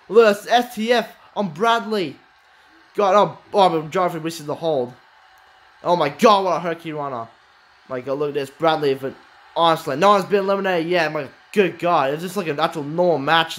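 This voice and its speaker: A man with a high voice and a light lilt calls a wrestling video game match blow by blow. He is excitable, exclaims often and swears freely. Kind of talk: excited play-by-play commentary.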